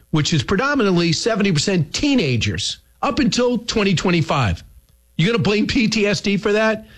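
A man hosting a talk show, giving combative, opinionated political commentary with sarcastic asides. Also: high-pitched. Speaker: radio host.

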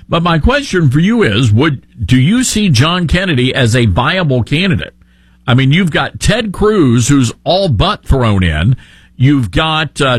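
A man's voice: fairly high pitch, husky, no room sound. A middle-aged man hosting talk radio, opinionated, sarcastic and joking. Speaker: radio talk show host.

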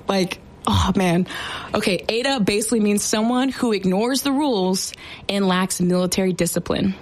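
A woman's voice: medium pitch, normal speed. A young woman who serves as a sergeant, casually explaining military slang in a chatty, playful way with lots of fillers. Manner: chatty, filler-heavy, playful teasing asides.

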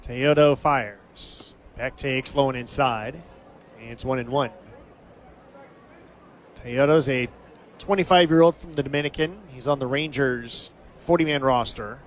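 A man calling live baseball play-by-play as the team's announcer, giving steady, stat-heavy recaps of the game. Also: medium pitch, unhurried, long pauses, slight background noise.

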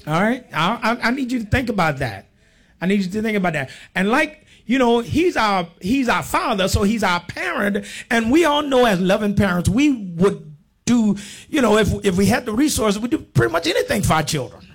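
A male pastor preaching, reading scripture slowly and emphatically, then breaking into casual asides and call-and-response with the congregation. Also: high voice, big pitch swings.

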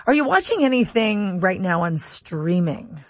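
A woman's voice: medium pitch, very animated, a little slow, no room sound, dull audio. Woman radio co-host, chatty and playful, dry close studio mic. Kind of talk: casual radio chat. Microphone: studio microphone.

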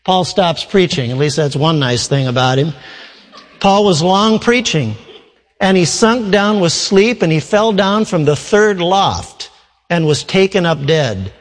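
A man pastor preaching a sermon, reading scripture and explaining it in an animated way. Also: high voice, unhurried, long reverb tail, low-quality recording.

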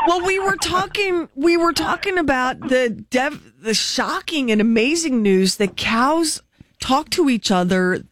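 A woman's voice: high-pitched, animated, a little slow. Playful female radio co-host. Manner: playful, teasing banter. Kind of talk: casual radio banter.

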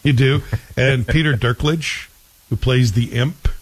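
Man, casual chat host, rambling, opinionated, mid-pitched voice. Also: fairly even intonation, a little slow, low-quality recording.

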